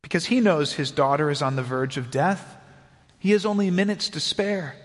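A man preaching a sermon as a pastor, earnest and measured, slowing down for emphasis. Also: a little high, long reverb tail.

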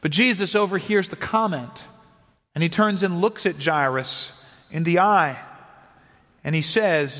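A pastor delivers an earnest sermon in a fairly high voice. He speaks in a measured way and slows for weighty phrases. His words ring out with a long reverb in a church hall. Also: fairly bright tone. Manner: earnest, measured preaching with slow emphatic pauses.

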